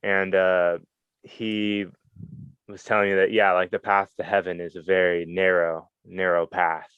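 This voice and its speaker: Deep, smooth-voiced male podcast host. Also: flat delivery, unhurried, no echo, narrow, tinny audio. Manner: laid-back, mostly brief agreements. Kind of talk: casual conversation.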